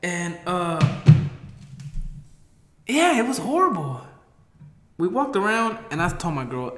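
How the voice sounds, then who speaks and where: A man telling a rambling, profane story, blunt and swinging between loud outbursts and low mutters. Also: expressive, moderate pace, echoey room, faint music behind.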